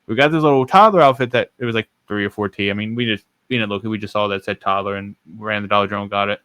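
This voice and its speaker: A man's voice: fairly low pitch, racing, fairly bright tone, clear, resonant tone, no room sound. A young man hosting a podcast, telling a personal story in a rambling, self-correcting way. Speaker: podcast host. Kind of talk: casual storytelling.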